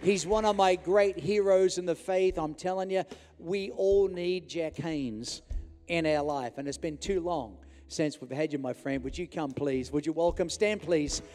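A man's voice: a little high, a little slow. An Australian man, the host pastor, introducing a guest speaker with rising praise. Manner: warm praising introduction building to a shout. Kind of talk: sermon introduction. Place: large church hall. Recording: echoey hall with music.

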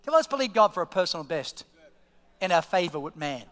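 A middle-aged Australian pastor preaches a sermon in a church auditorium, his strikingly high voice moving fast as he tells personal stories. He swings animatedly between hushed asides and loud, excited peaks, and the large hall's long reverb rings around every word.

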